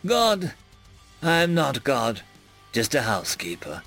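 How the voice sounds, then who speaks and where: Guy doing an old amused housekeeper of humanity, dry and calm, a bit gravelly, voice swings up and down a lot. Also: a little high, normal speed, soft background music, heavily acted.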